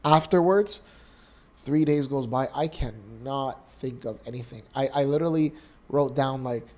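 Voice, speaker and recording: A Canadian man in his thirties who co-hosts a podcast tells an emotional personal story. His mid-range voice moves at a moderate pace, earnest and animated.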